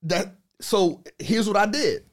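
A man in a casual podcast chat, telling stories in an animated, slangy way and repeating phrases for emphasis. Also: sits high, takes it slowly.

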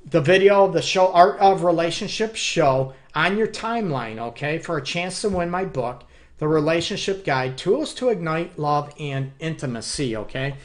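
A man hosting a live relationship advice show, talking to viewers in an animated, repetitive way and often calling them "people". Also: high-pitched. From Detroit area. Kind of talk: live-streamed advice talk.

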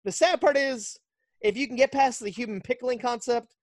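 Animated, dry-miked podcast storyteller. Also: mid-range voice, normal speed, no echo. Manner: animated storyteller, slips into character voices. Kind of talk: casual movie recap.

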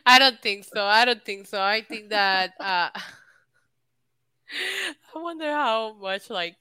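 A woman co-hosting a casual podcast, with a smooth, bright voice recorded dry and close. She talks emphatically and teases the others, laughing often. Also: mid-range voice, slow, no room sound. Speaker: podcast co-host. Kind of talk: casual chat.

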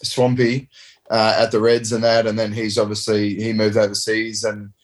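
A relaxed man in his thirties spins a long, rambling story with the odd curse. His voice sits a little low in pitch. He talks like a sportsman chatting with a mate. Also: moderate pace. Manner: rambling, laid-back, swears freely. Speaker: professional rugby player guest. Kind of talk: casual storytelling.

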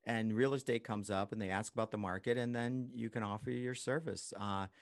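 A man with a somewhat low voice talks shop in a loose, friendly podcast conversation. He laughs easily and gets animated when he acts out what people say. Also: brisk. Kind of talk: casual conversational chat.

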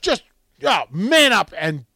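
Guy radio host, high voice bouncing all over, dry mic, gets dramatic then goes quiet. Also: slow pace, no echo. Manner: animated storytelling, dramatic swings from loud to hushed. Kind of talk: casual call-in radio chat.

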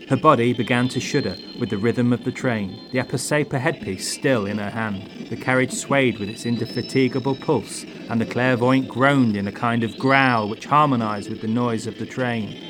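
A man narrating a horror audio story in a measured, atmospheric way. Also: mid-range voice, background noise.

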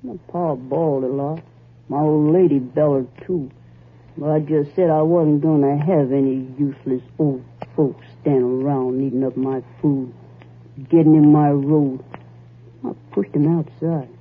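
A husky, defiant wife. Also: female voice, sits low, fairly even intonation, a little slow. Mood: hard, bossy. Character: coarse, defiant young rural wife, cruel and bossy. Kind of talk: old-time radio drama acting. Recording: tinny old radio broadcast.

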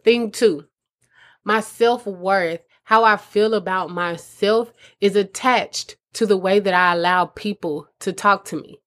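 A woman's voice: mid-range voice, unhurried, fairly bright tone. A woman giving earnest, conversational advice to mothers as a host. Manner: earnest, conversational, addresses listeners as mamas. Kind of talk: casual advice talk.

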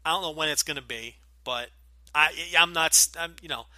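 Jersey guy with a light accent rambling and swearing on his podcast, kinda high, super bright edgy voice. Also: normal speed, dry recording. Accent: light New Jersey. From New Jersey. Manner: blunt, profane, rambling with many fillers. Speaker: podcast host. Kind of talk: casual Q&A podcast.

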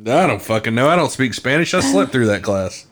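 A man's voice: mid-range voice, very animated, a little fast. A man co-hosting a casual podcast, wry and joking, swearing freely. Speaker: podcast co-host. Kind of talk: casual true-crime podcast chat.

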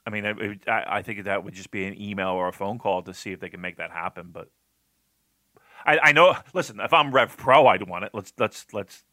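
A man co-hosting a podcast, giving animated, opinionated takes full of repeated starts and fillers. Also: lowish voice, brisk, no room sound, clean studio sound. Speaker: podcast co-host. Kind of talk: casual opinionated discussion.

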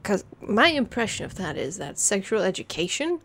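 A woman from Germany in her thirties co-hosts a casual podcast. She speaks at a middle pitch in an easygoing, self-mocking way and laughs often. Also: normal speed, slight background noise. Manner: relaxed, wry, self-deprecating, laughs often. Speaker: podcast co-host. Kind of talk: casual chat.

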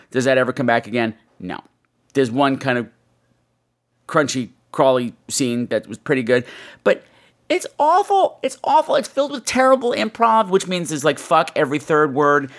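Brief: ranting film-review podcast host, animated, swings wildly in pitch, profane and blunt. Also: normal speed. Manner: animated, acts out scenes with exaggerated voices.

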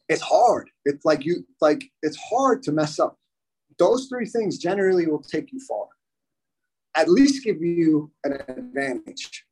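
Husky-voiced man answering in a rambling way. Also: fairly high pitch, a little mellow, low-quality recording. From United States. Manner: rambling, repeats himself, many restarts. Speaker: interviewee. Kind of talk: conversational interview answer.

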